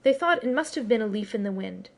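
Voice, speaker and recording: Expressive woman narrating an audiobook. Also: fairly high pitch, quick pace, gravelly. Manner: expressive storytelling. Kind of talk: scripted narration.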